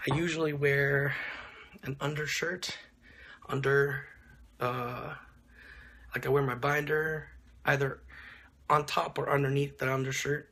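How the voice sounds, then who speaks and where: A man's voice: medium pitch, slight background noise. A young man talking casually to his camera in a small dim room, rambling and blunt with plenty of swearing. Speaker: vlogger. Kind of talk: casual vlog update.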